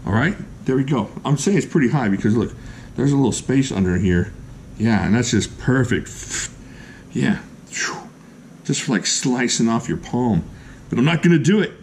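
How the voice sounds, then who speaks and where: A man talks through a casual knife review, gushing with excitement and cracking jokes at his own expense. His voice is mellow and dark. A faint hum of noise sits behind him. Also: mid-range voice, moderate pace. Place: indoors at a table.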